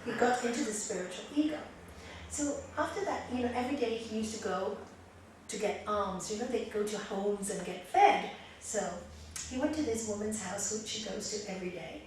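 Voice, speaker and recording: A woman yoga teacher giving a spiritual talk, telling stories lively and acting out the characters. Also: mid-range voice, normal speed, slight background noise. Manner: lively storyteller acting out the voices. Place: indoor meeting room of a spiritual group. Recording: echoey room, far from mic.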